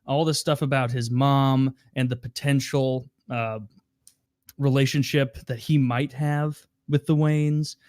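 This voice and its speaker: A man's voice: mid-range voice, no room sound, studio quality. A man co-hosting a podcast, chatting casually about a film and acting out scenes with laughter. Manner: animated storyteller, acts out scenes with laughs. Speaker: podcast co-host. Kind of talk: casual movie review chat.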